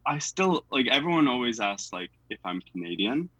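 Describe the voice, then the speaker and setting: A man's voice: mid-range voice, big pitch swings, moderate pace, bright, forceful tone, breathy edge, no echo, low-quality recording. A young man from the United States, chatting casually as an interviewee, self-deprecating and full of fillers.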